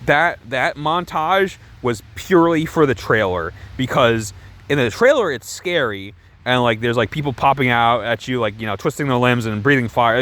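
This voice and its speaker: A man's voice: mid-range voice, fairly bright tone. A man ranting casually about a movie, rambling with lots of "like" and sarcastic swearing. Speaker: movie reviewer. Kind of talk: casual film review rant.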